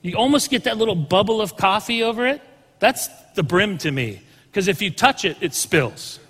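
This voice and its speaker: A man's voice: sits high, animated, normal speed, fairly bright tone, breathy edge, in a large hall. A man preaching a sermon as a pastor, talking casually and asking the congregation questions. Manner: conversational, asks the congregation questions.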